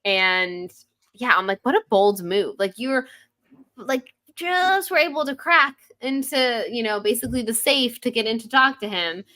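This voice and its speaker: Bright-voiced woman reacting emphatically. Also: fairly high pitch, moderate pace. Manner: emphatic, incredulous reactions with mock quotes. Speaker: podcast co-host. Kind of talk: casual book chat.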